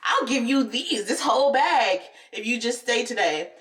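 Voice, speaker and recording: A woman's voice: on the high side, lively intonation, moderate pace, a bit bright, recorded from a distance. A woman voicing a manipulative female schoolteacher who coaxes in a falsely sweet way. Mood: coaxing.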